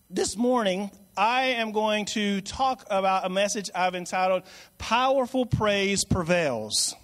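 A man preaching a sermon in a conversational way, often repeating and restarting. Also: sits high.

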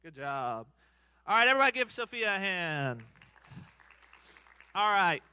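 High, bright-voiced man hosting a church game. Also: big pitch swings, a little slow, clear, resonant tone, dry recording. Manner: playful, hypes up the crowd, cheers countdowns. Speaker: children's church game host. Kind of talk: live game hosting with a crowd. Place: church hall.

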